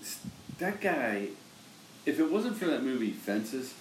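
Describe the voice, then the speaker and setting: A man with a medium-pitched voice chats unhurriedly about sports, animatedly telling stories and acting out both sides of conversations. The recording sounds roomy and distant from the mic, with faint hiss.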